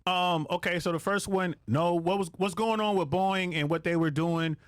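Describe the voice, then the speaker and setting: A man's voice: high-pitched, moderate pace, dry recording. A man, a podcast guest who works as an air traffic controller, telling stories casually with lots of swearing and acting out radio calls. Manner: profane, animated, acts out radio calls.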